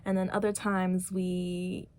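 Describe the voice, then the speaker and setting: A woman's voice: fairly low pitch, flat delivery, slow pace, a little mellow. A woman vlogger chatting casually, rambling with many fillers as she retells a story. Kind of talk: casual chat.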